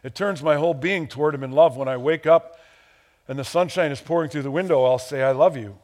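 Animated preacher man, slightly high voice. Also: fairly quick. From Chicago area, USA. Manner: animated, acts out quotes with big pitch jumps; warm chuckles, playful asides. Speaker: pastor. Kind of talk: sermon.

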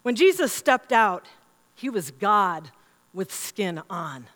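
A woman's voice: medium pitch, takes it slowly. A middle-aged woman pastor giving a sermon, telling stories and acting out quoted voices as she preaches. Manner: storytelling, animated quoting of others. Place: church sanctuary. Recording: long reverb in a large hall.

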